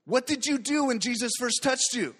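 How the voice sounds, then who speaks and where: A man preaching a sermon with fervent energy, swinging between quiet asides and loud declarations. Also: very high-pitched, animated, moderate pace, big-room sound.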